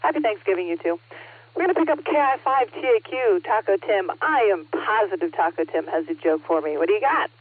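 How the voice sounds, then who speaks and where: A woman leads an amateur radio net as net control, teasing the callers playfully. Her voice has a husky, breathy edge. It comes through narrow, phone-like radio audio. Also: medium pitch, lively intonation, fairly quick. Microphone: radio transceiver microphone.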